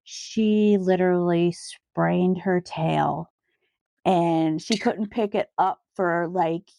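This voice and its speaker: A woman's voice: on the low side, steady tone, slow pace, gravelly, mellow, no room sound, clean studio sound. A woman co-hosting a casual podcast, chatty and storytelling, laughing easily and swearing now and then. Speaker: podcast co-host. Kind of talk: casual chat.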